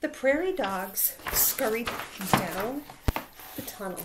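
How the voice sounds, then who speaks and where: A woman teacher reading a children's picture book aloud with playful, expressive emphasis. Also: fairly high pitch, slow pace, very noisy.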